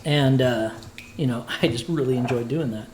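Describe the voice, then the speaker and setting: A man's voice: medium pitch, moderate pace, darkish tone, roomy sound, slight background noise, poor audio. A man, a voice actor, chatting playfully with viewers while cooking on a livestream. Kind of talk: casual cooking livestream chat.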